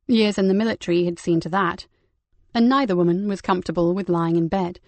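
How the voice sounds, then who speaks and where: Female audiobook narrator, calm and even, gravelly voice, very dry close sound. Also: on the low side, a little fast, no room sound. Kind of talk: scripted crime novel narration.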